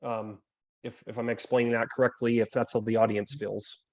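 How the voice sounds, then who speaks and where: A man on a video-call panel giving a steady explanation of members' experiences. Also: medium pitch, brisk.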